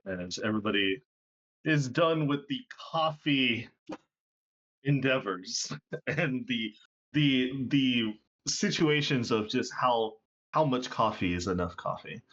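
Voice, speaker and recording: A man's voice: medium pitch, expressive, takes it slowly, fairly bright tone. A man narrating a tabletop game as game master, loose and full of fillers, on a dull lo-fi recording. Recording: dull lo-fi audio.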